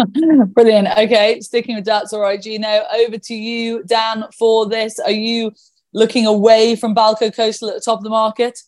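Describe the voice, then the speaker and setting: A woman hosting a racing podcast in a brisk, casual style, reading out betting odds and laughing easily. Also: on the high side, little pitch movement, darkish tone. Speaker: podcast host.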